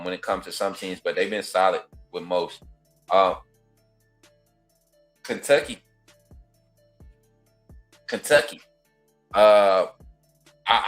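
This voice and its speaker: A man's voice: on the low side, a bit bright. A man hosting a casual sports talk show, rambling and restarting as he trash-talks teams. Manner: trash-talking, rambling with restarts, apologetic laughs. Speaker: host of a football call-in show.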